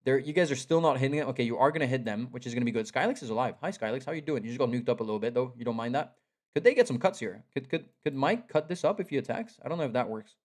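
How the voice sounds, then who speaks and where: A young man giving live commentary on a strategy game match. He is excitable, repeats himself and talks straight to the players. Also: mid-range voice, rapid-fire. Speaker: esports caster.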